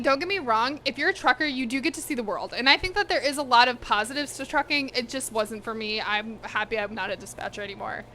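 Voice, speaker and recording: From her home kitchen, a woman streams herself cooking and eating, chatting bluntly with viewers, swearing freely and sometimes talking with a full mouth. Her voice is on the high side, pushed and bright, with slight background noise.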